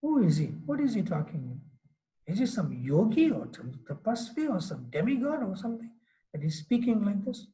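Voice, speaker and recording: Animated storytelling man, slightly high voice. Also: moderate pace, poor audio. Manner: animated, acts out quotes with many "you know" asides. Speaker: monk lecturer. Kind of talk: scripture class storytelling.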